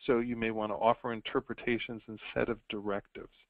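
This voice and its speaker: Middle-aged man, gravelly voice, webinar lecture, phone-quality audio, dry sound. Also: on the low side, flat delivery, fairly quick, no echo. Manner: conversational, acts out sample doctor lines. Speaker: pediatrician presenter.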